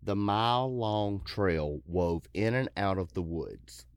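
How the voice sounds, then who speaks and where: Male podcast host, deep voice, casual true-crime narrator who jokes between passages. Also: expressive, slow pace, clear, resonant tone, dry recording, clean studio sound. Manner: joking asides, puts on silly voices for quotes. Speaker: podcast host telling a case.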